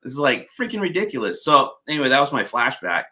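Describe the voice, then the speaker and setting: A man's voice: mid-range voice, fast talker. A man hosting a casual chat, telling stories loosely and swearing freely. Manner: storytelling, swears freely, animated when retelling. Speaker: podcast host.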